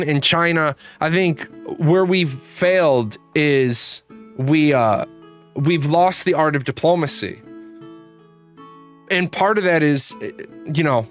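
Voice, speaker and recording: A man in his forties hosting a live stream, answering chat in a blunt, profane, rambling way. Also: fairly high pitch. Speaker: streamer host. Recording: faint guitar music behind.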